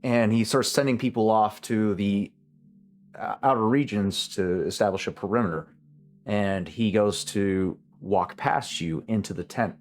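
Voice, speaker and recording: A man running a tabletop role-playing game as game master, narrating scenes in a halting way with many restarts. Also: fairly low pitch, faint music behind.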